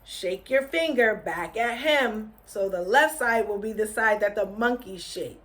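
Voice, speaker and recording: A woman teacher reading a picture book aloud to children, gently encouraging them to join in with movements. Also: mid-range voice. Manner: slow, gentle, encouraging, leading children in actions.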